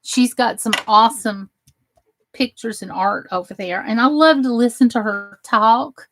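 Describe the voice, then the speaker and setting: A woman's voice: a little high, a little slow, noisy background. A woman from New Jersey hosting a crafting livestream, chatting casually and greeting viewers by name as she works. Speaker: crafting channel host.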